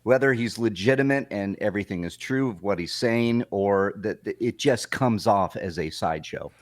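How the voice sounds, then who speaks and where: A man co-hosting a casual podcast chat, speaking haltingly with frequent restarts. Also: fairly low pitch, no echo, studio quality.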